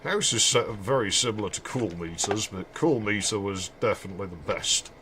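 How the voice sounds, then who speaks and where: A man's voice: lowish voice, fairly quick, a bit bright, a little hiss or hum. A man giving joking, rambling commentary while playing a game. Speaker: streamer. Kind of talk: casual gameplay commentary.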